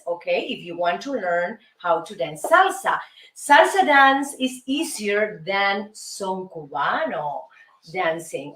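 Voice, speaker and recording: A woman's voice: fairly high pitch, a bit bright, reverberant, far from the mic. A woman hosting a casual dance lesson, counting steps aloud in a chatty, playful way. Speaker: host and dance teacher.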